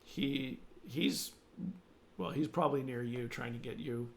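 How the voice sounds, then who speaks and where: A man narrating a tabletop game as game master, talking in a halting way with frequent restarts. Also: mid-range voice, vocal fry, slight background noise.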